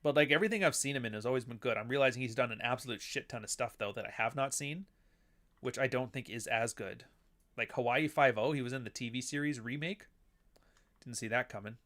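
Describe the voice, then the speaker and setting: A man's voice: medium pitch, fast, fairly bright tone. Rambling, profane livestream host, a man. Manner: rambling, profane, reads chat aloud. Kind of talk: casual livestream chat.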